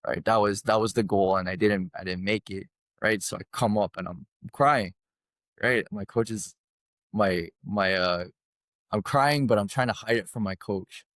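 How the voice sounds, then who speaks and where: Low-voiced man telling a story casually. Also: moderate pace, no echo, studio quality. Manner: animated, repeats "right?" often. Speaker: podcast guest.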